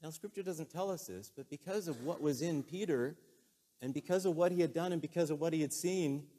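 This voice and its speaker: A man preaching a sermon in a relaxed, conversational way, telling a story earnestly and with emotion. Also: a little high, brisk.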